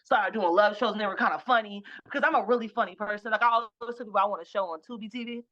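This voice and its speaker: A playful woman talks through an interview with a loose, joking delivery, breaking off and restarting her thoughts. Her voice sits in an ordinary middle pitch. The sound is a little dull and lo-fi. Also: very fast. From Boston. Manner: animated, playful, jokey, frequent restarts. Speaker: musician guest. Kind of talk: casual interview chat.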